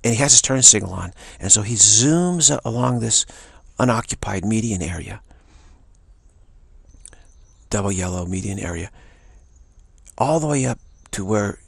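A man's voice: on the low side, animated, moderate pace, gravelly, pauses often, husky, no echo. A man telling a rambling, indignant story in a casual talk. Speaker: spiritual channel host. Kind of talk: casual spoken anecdote.

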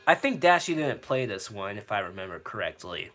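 A male streamer chats through his gameplay in a lively voice that moves up and down a lot. His tone is bright and clear, and he takes his time with the words. Soft game music plays in the background. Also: lowish voice, a little fast. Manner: animated, reads game dialogue aloud in silly voices. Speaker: gaming streamer. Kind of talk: casual gameplay commentary.

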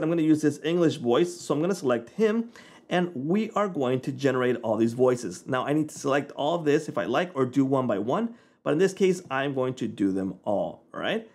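A man hosting a software tutorial, talking in a relaxed, informal way as he clicks through the steps. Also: mid-range voice, fairly quick. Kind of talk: casual screen-recording walkthrough.

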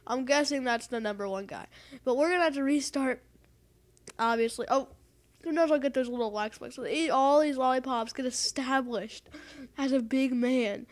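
A woman giving casual, rambling gameplay commentary, excitable and calling out to rival players. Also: high voice, normal speed. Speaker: gaming channel host.

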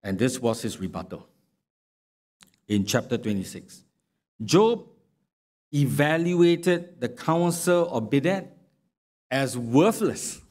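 A man preaching a sermon in a church, speaking in a slow, measured way and reading scripture aloud with sarcastic emphasis. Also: mid-range voice, expressive, a little mellow. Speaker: pastor. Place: church sanctuary.

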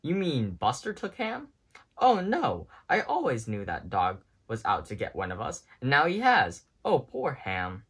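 A man voicing a nervous male toy dinosaur in a storybook reading, pitching up into a high, wailing alarm. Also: big pitch swings, normal speed, hardly any pauses, a bit bright, breathy edge, exaggerated voice. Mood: panicked.

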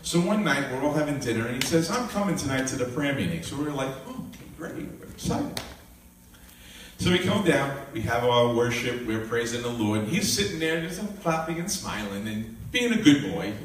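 A man's voice: mid-range voice, brisk, few pauses, slight background noise. Older man telling his testimony, echoey. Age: 60s. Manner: animated storyteller, acts out dialogue, laughs often. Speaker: minister. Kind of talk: testimony storytelling. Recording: echoey room, voice from a distance.

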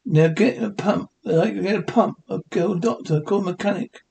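A man's voice: high-pitched, moderate pace, creaky. Fred Flintstone, a man doing a blustering cave husband. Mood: panicked. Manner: loud, bossy, huffy. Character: blustering, hot-tempered stone-age husband. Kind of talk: cartoon voice recreation.

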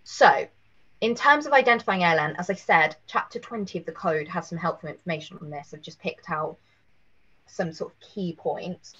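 A woman, hoarse after a cold, giving a careful webinar presentation with many fillers. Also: on the low side, moderate pace, a bit bright, highs cut off. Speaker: legal presenter.

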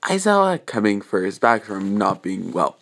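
A young man improvising a fan-fiction story aloud, rambling with many fillers and restarts, dropping into a slow, menacing tone for the hero's lines. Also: fairly low pitch, very animated, vocal fry, a bit bright.

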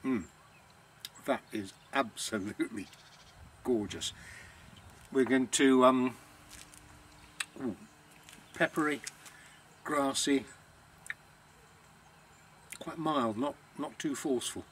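A man talks casually to camera, chatty and a little self-deprecating, savouring each word as he goes. His pitch sits in an ordinary middle range, and a faint hiss of background noise runs under the recording. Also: slow pace, pauses often, a bit bright. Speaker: villa rental owner. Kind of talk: casual vlog.

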